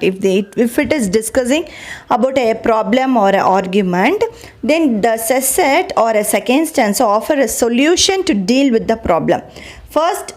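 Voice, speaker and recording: Woman lecturing on poetry, slightly high voice. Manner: explains step by step, repeats points, frequent restarts. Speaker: literature teacher. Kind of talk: recorded lecture.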